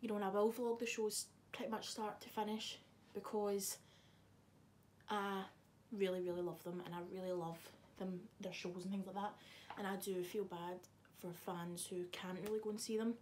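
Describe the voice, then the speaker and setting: A woman's voice: medium pitch, flat delivery, moderate pace, a little mellow, a little hiss or hum. A young woman, chatting casually to camera in a vlog, swearing freely and teasing someone off camera. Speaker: vlogger. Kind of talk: casual chat.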